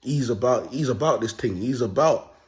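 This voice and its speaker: A man's voice: mid-range voice, moderate pace. A young man telling a story in a casual monologue, full of street slang and constant check-ins with his listeners. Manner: streetwise slang, animated, often asks "you get me". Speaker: self-styled prophet vlogger.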